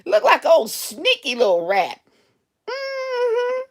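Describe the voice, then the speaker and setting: A woman who works as a cashier tells a story in a casual vlog, speaking directly to her viewers in a chatty, animated way. Her voice is high and her pace measured.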